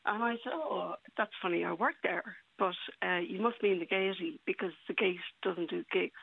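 A woman's voice: lowish voice, moderate pace, gravelly, husky, no echo. A woman recounts an anecdote as a radio guest, acting out each line of dialogue. Her voice comes through narrow and tinny like a phone line. The sound is close and dry. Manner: lively storyteller, acts out the dialogue. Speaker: guest writer.

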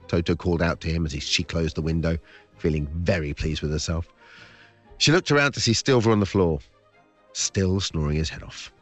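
Brief: low-pitched male author, animated storybook reading, faint music underneath. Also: moderate pace. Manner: lively, chatty asides. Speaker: children's author. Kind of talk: reading his children's book aloud.

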